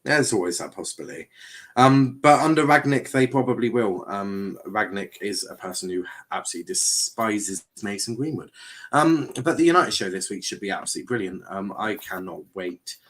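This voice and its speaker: A man's voice: on the low side, lively intonation, brisk, fairly bright tone. A man hosting a casual panel chat, reading out chat comments and teasing his co-host. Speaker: show host.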